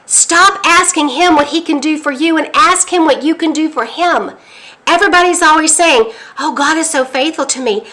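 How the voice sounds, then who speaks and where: A woman from the United States recounting a dream as an earnest spoken testimony, halting and restarting, then pressing urgent warnings. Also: high voice, pushed and bright. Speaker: prophetic dream teller.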